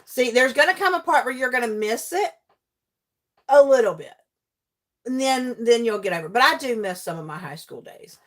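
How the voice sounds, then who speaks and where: A middle-aged woman with a somewhat high voice chats with her livestream viewers as she works on a craft. She talks in a lively, animated way, laughs often, and breaks off to greet viewers by name. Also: moderate pace. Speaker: livestream host and teacher. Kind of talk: casual chat with viewers while crafting.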